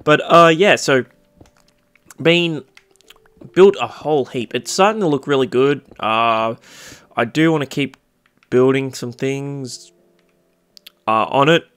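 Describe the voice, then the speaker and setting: A young man giving casual, rambling commentary over a game he is playing, full of fillers and excited outbursts. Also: slow, pauses often, clean tone. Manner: rambling, excitable, bursts into squeaky cutesy voices. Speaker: Minecraft let's-play host.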